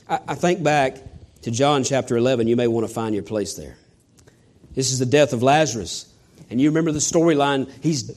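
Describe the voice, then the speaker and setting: A man's voice: a little high, a little mellow, husky. A middle-aged male pastor preaching a sermon, acting out scripture quotes with swells and sudden drops in volume.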